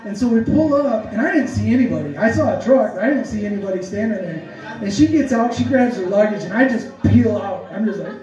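Man, rambling comic story, high mellow voice, far mic in an echoey hall. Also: brisk, faint music behind. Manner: rambling, animated, many fillers. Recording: echoey room, distant dull mic.

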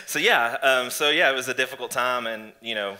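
A man in church, earnestly and reflectively telling his story of faith in a conversational testimony, with halting restarts. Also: mid-range voice, bright, forceful tone. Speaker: church guest sharing testimony. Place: church stage before an audience.

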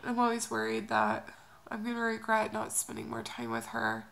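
Tearful young woman with a gravelly voice. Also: fairly high pitch, completely flat delivery. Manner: halting, hesitant, soft. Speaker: vlogger. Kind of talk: emotional personal vlog.

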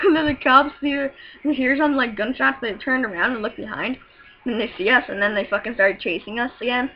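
A vlogger with a fairly high-pitched voice talks briskly, telling a story in a rambling, giggly manner full of profanity. The audio is muffled and lo-fi, with a faint hiss underneath.

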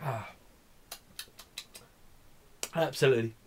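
A man's voice: mid-range voice, takes it slowly, a little mellow, breathy edge. Rambling, cursing man ranting on a vlog. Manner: profane, rambling, slurring and mumbling. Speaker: vlogger. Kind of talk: drunken rambling vlog rant.

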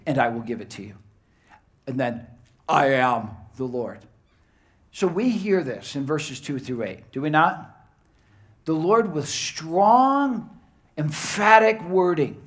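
A man preaching a verse-by-verse Bible teaching sermon, stressing key words by slowing down and often repeating phrases as he explains. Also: medium pitch. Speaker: pastor.

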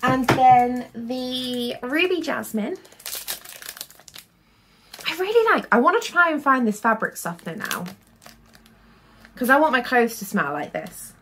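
A woman's voice: high-pitched, big pitch swings, unhurried, long pauses, a bit bright, slight background noise. A young woman in a casual haul vlog, talking in a chatty, rambling way full of fillers. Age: young adult. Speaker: vlogger.

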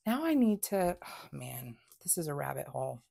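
A woman chatting through a craft unboxing, gushing with excitement and dropping to whispers. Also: low-pitched, moderate pace, gravelly, breathy edge. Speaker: crafting vlogger. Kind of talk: casual unboxing chat.

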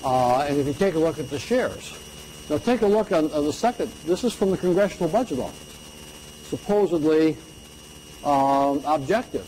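An older man lectures an audience in a relaxed, conversational way, tagging his points with a quick "okay?". His voice is mellow and sits a little high for a man. A faint hiss runs under the recording. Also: poor audio. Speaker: economics lecturer.

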